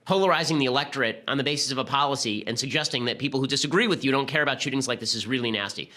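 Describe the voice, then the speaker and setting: A man hosting a political talk show, delivering rapid-fire argumentative commentary. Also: medium pitch, bright, forceful tone. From United States. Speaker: podcast host.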